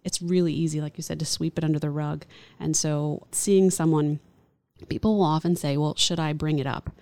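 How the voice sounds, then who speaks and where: Woman, chaplain, interview guest, low voice, earnest. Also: steady tone, normal speed, a little mellow, no echo. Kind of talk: reflective interview talk.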